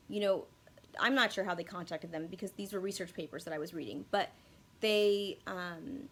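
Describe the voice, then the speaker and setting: A woman's voice: mid-range voice, a little hiss or hum. A young woman talking casually to her viewers in a rambling, profane, self-deprecating way, often losing her words and restarting. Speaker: YouTube commentator. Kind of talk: casual unscripted video monologue.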